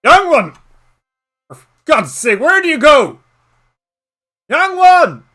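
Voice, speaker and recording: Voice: mid-range voice, big pitch swings, a little slow, vocal fry, a bit bright, full character voice. A performer voicing a fussy, scolding old postmaster who keeps exclaiming in exasperation. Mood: alarmed. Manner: exasperated, exclaiming mild oaths.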